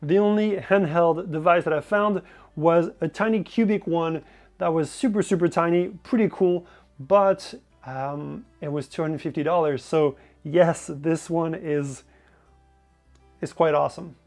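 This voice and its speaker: A man's voice: fairly high pitch, measured pace, darkish tone, no echo, soft background music. A young man giving a casual, enthusiastic product review straight to camera.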